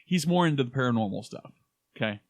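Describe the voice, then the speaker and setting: A man's voice: mid-range voice, animated, fast, dry recording, studio quality. A man from Oklahoma co-hosting a casual podcast, joking around and jumping between topics. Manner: joking, jumps between topics, puts on silly voices. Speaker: podcast co-host. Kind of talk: casual chat.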